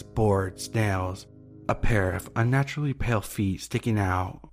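A man narrating a first-person horror story in an intense, anguished manner. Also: on the low side. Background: faint music.

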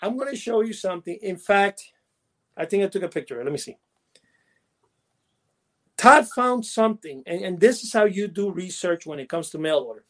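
A man with a notably high speaking voice tells stories in a loose, rambling way. He restarts his sentences and laughs at his own stories while co-hosting a casual chat. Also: lively intonation, normal speed, long pauses. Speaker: podcast co-host.

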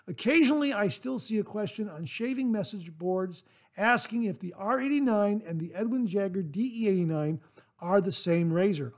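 High-voiced chatty man hosting a podcast. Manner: chatty, rambling, frequent "uh" fillers; warmly thankful and enthusiastic. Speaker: podcast host. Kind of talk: casual solo podcast, reading listener mail.

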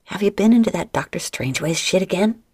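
A woman voicing a gruff, drowsy male pirate captain who mumbles in a low voice. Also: animated, fast, a little mellow, no echo, clean studio sound, full character voice.

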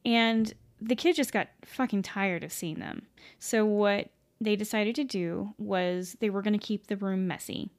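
A woman's voice: medium pitch, unhurried. Woman telling a spooky story, lots of ums, rambly, swears casually. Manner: rambling, many fillers and self-corrections, casual swearing. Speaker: podcast host.

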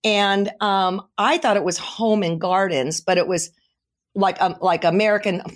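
A woman's voice: medium pitch, a little slow. A middle-aged woman, a quilting author, chatting as a guest and telling stories with frequent laughs. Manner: animated, laughing storyteller. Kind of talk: casual storytelling chat.

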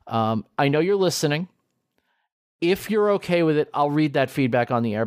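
A man hosting a podcast in casual chat, animated and rambling with restarts. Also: medium pitch, dry recording, clean studio sound. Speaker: podcast host.

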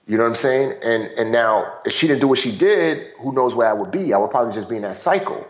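A man, a guest and author, telling personal stories in an animated casual way, full of "you know" fillers. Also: medium pitch, fast. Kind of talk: casual storytelling conversation. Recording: dull roomy sound.

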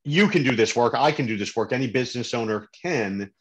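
A man's voice: mid-range voice, animated, brisk. Man hosting a business interview. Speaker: interview host. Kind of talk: conversational interview.

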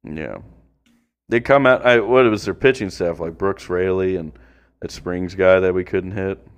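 A man co-hosting a podcast, calling baseball pitches between crude, joking banter with friends. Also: a little slow, clean tone. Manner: crude, joking, bursts into excited yelling. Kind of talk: casual banter with play-by-play.

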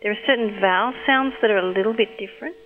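A woman linguistics expert explaining thoughtfully and patiently in a phone interview, pausing as she thinks. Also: medium pitch. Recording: tinny phone line with faint hum.

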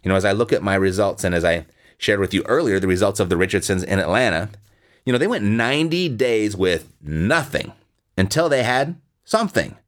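Blunt lower-voiced man coaching. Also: lively intonation, brisk. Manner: blunt, emphatic, repeats points for stress. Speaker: real estate investing coach. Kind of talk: instructional talk.

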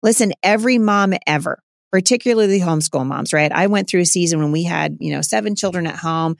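A middle-aged woman talking warmly and earnestly in a casual advice chat to mothers, full of asides and fillers. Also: fairly low pitch, brisk, gravelly, no echo, studio quality. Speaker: homeschooling mother and speaker answering a listener.

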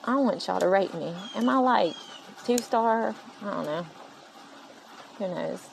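A woman hosting a solo faith-driven motivational podcast, speaking in an animated, rambling, preachy way. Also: mid-range voice, unhurried, gravelly, a little hiss or hum, rough recording. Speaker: podcast host. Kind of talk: solo inspirational podcast monologue.

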